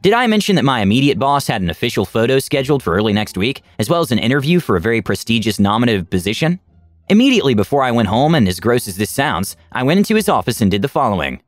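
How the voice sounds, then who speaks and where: A man narrating online stories in an expressive, scripted reading. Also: mid-range voice, fast, dry recording, faint music behind. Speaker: story narrator.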